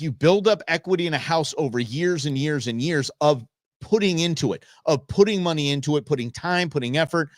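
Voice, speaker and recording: A man's voice: fairly high pitch, no echo, studio quality. A middle-aged man hosting a live talk stream, rambling through his points with many fillers and restarts. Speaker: show host.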